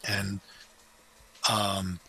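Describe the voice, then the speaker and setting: A man's voice: fairly low pitch, completely flat delivery, drawn-out words, bright, forceful tone, slightly rough. A man co-hosting a podcast, chatting casually and rambling through an episode recap with lots of fillers. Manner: rambling, full of fillers and quoted voices. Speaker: podcast co-host. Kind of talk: casual chat recapping a cartoon.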